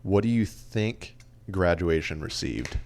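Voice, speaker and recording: Chatty low-voiced male podcast host. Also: lively intonation, a little slow, a little mellow, a little hiss or hum. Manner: chatty, reads out stats and quotes. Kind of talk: casual chat.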